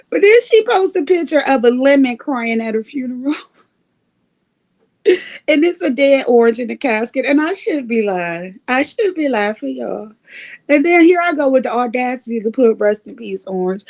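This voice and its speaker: A woman hosting a livestream, telling stories in an animated way, laughing often and swearing freely. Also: high voice, creaky. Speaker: livestream host. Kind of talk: casual storytelling chat.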